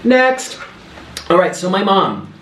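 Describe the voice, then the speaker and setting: A young man talks through a cooking vlog, his slightly high voice swinging lively up and down. He tells family stories with gasps and mimicked voices. The sound is roomy and a little distant from the mic. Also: moderate pace. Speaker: food vlogger.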